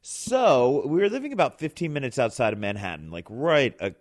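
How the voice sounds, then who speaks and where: A man's voice: mid-range voice, a little fast. A man hosting, telling a casual story and acting out the quoted voices. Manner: animated, acts out quoted voices. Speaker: host.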